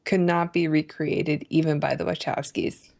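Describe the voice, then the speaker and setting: A woman's voice: low voice, little pitch movement, moderate pace, gravelly, darkish tone. A woman co-hosting a casual film discussion, enthusiastic and teasing. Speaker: co-host. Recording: dull lo-fi sound.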